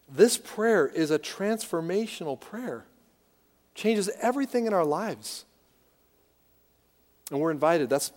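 A man's voice: a little high, a little mellow. A man preaching a sermon as pastor, emphatic, repeating key words and asking rhetorical questions. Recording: long hall reverb.

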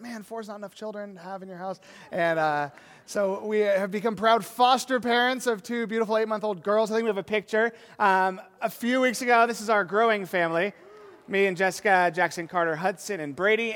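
A man in his thirties preaching a sermon, telling animated stories and acting out scenes. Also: high voice. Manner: animated storytelling, acts out scenes. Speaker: pastor. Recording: long reverb of a large hall.

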